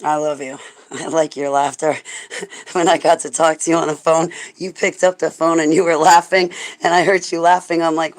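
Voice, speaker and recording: A woman's voice: low-pitched, steady tone, moderate pace, low-quality recording. A woman hosting a rambling livestream chat with viewers, emotional and profane, often laughing, and at times praying aloud. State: stressed. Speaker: livestream host.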